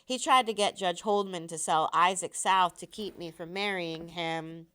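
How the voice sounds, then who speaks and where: A woman reading aloud, voicing a wary but proud young woman who speaks calmly and plainly. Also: on the low side, unhurried, clean tone. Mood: earnest.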